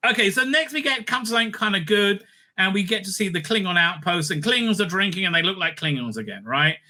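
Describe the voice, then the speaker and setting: A man's voice: high voice, lively intonation, brisk, pushed and bright. A man hosting a casual, sarcastic review rant, swearing often and stumbling over fillers. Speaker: reviewer, channel host.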